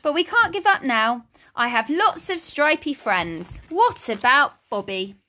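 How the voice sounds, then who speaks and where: A woman playing a cheerful little storybook creature who keeps helping out, eager and upbeat. The voice sits high with a lively, rising melody and a bright edge. He speaks at an easy, unhurried pace. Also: heavily acted. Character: cheerful helpful male cartoon creature. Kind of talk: children's storybook reading.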